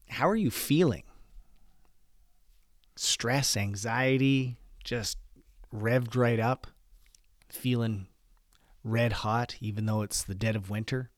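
A man's voice: mid-range voice, slow pace, pauses often, no room sound, studio quality. A man hosting a solo podcast, talking earnestly to listeners and asking them many rhetorical questions. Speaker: podcast host.

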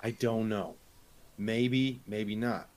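A man's voice: on the low side, fairly even intonation, takes it slowly, a little mellow. A man playing a tabletop game, talking bluntly and matter-of-factly in character.

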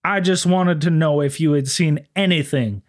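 A man's voice: a little high, lightly acted. Man doing an overly polite genteel cop. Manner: formal, old-fashioned, slow and deliberate. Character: overly polite genteel male police officer.

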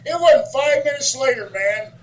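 Animated high-voiced storytelling man. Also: normal speed, dull audio. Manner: animated storyteller, laughs often, swears freely. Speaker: wrestler and author, guest. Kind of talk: casual storytelling interview.

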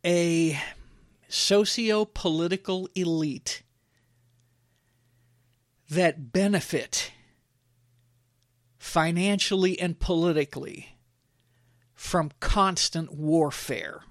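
Male host, opinion monologue; blunt, chatty, filler-heavy delivery; slightly high voice, dead-dry sound. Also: dry recording. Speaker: podcast host.

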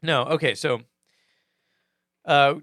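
A man's voice: on the high side, slow pace, no room sound, studio quality. A man co-hosting a podcast, joking and swearing in casual chat. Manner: joking, animated, swears a lot. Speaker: podcast co-host.

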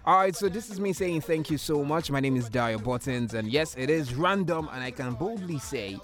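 A man's voice: a little high, animated, moderate pace, fairly bright tone, faint music behind. A man from Nigeria hosting a casual chat, joking and laughing often. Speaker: host.

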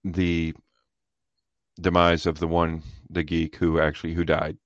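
A man with a very low voice talks through a film in casual podcast chat. He stacks up vivid, emphatic words as he goes. The sound is dry and a bit dull. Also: measured pace, no echo. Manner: animated, emphatic, piles up descriptive words.

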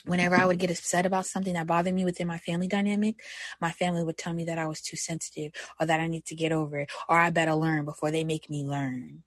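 Candid husky young woman. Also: sits low, fast talker, no room sound. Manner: candid, conversational, swings between soft and animated. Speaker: podcast host. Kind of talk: personal reflective monologue.

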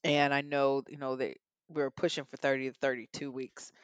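A woman's voice: extremely low pitch, level tone, normal speed, clean tone, no echo, muffled recording. A young adult woman, a podcast guest, candidly and earnestly telling a personal story in an interview.

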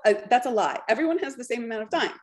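A woman's voice: fairly high pitch, very fast. Upbeat woman coaching on a podcast. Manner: lively, coaching, keeps saying okay. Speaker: podcast host, business coach. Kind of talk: solo podcast talk.

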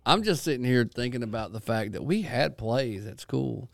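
A man's voice: mid-range voice, expressive, moderate pace, creaky, no room sound. A man co-hosting a podcast, joking and crude. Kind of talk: casual podcast chat.

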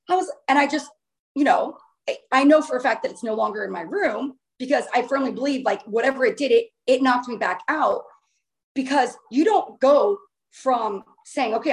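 A woman, a guest, recounting a personal experience in an animated, excitable way, acting out her own past words as she goes. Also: on the high side, low-quality recording.

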